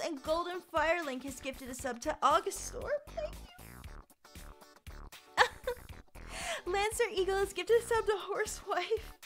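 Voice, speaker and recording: A woman's voice: very high voice, a bit bright. A woman streaming live as a VTuber, reading out long lists of supporter names and breaking into dramatic outbursts. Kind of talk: live game stream chat.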